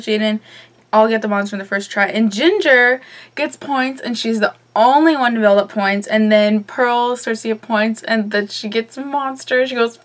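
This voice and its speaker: Young female vlogger, slightly high voice, chatty and profane, filler-heavy casual delivery. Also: fairly bright tone. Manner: chatty, frequent ums, casual swearing. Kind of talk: casual recap vlog.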